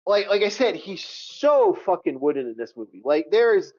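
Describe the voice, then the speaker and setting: A man co-hosting a casual movie review chat, animated and swearing a lot as he repeats himself. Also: high voice, moderate pace. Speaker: co-host of a movie review show. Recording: dull lo-fi sound.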